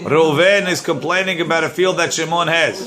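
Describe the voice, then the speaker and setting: A man's voice: a little high, normal speed, a crowd in the background. A male rabbi teaching a Talmud class, reading Hebrew-Aramaic text and explaining it in English, acting out the claimants with a raised voice. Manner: animated, acts out the claimants with raised voice; repeats words while searching.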